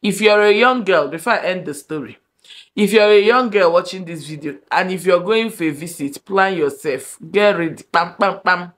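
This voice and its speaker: A young woman with a Nigerian accent, telling a personal story to camera in an animated, dramatic way. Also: on the low side, normal speed. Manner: animated, dramatic storyteller, shifting between loud and hushed. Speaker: vlogger. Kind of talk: storytime monologue.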